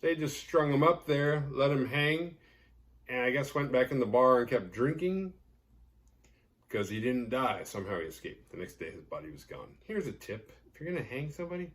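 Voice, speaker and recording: A man's voice: medium pitch, lively intonation, moderate pace. A man hosting a horror movie podcast, recapping a film in a rambling, sarcastic, profane way. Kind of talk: casual movie recap with jokes.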